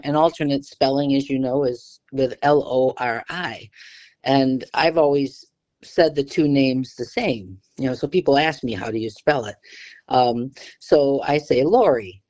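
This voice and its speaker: A woman's voice: sits low, a little mellow. A woman with a Michigan accent, good-humored and firm in a casual interview. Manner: good-humored, firm about her pronunciation. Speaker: listener guest, choir singer. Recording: dull, muffled lo-fi audio.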